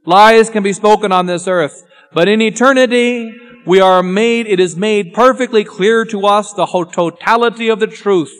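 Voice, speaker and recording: A man preaching a solemn sermon, grave and intense, often dropping to a hushed voice. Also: sits high, normal speed. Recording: long church reverb with faint music.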